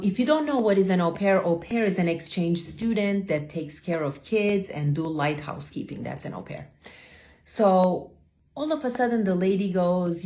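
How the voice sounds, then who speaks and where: A woman telling her personal story in a casual, animated way. She acts out quoted lines with big leaps in her voice. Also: on the low side. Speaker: academy founder telling her life story.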